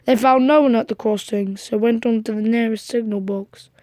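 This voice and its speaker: A woman reading a children's storybook aloud in a gentle, even storytelling manner. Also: a little high, normal speed, no echo. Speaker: storybook reader.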